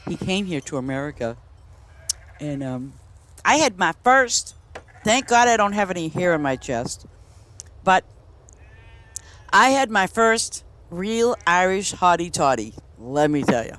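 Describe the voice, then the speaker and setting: A woman's voice: on the low side, sing-song, measured pace, long pauses, fairly bright tone. A woman chatting casually while she streams a game, rambling from story to story and laughing often. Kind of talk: casual chat while playing. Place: home, in Boston.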